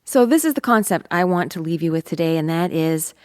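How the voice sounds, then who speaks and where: A woman's voice: fairly low pitch, lively intonation, fairly quick, smooth, no room sound, studio quality. A woman vocal coach teaching a singing lesson, talking in an upbeat, encouraging way and singing scale demonstrations. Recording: loud piano accompaniment.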